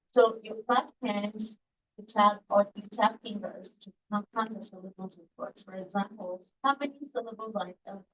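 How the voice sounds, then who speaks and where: A woman's voice: mid-range voice, steady tone, normal speed, fairly bright tone, low-quality recording. Woman lecturing, patient and playful. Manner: explains patiently, quizzes the class, playful. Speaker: early childhood education instructor. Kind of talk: classroom lecture.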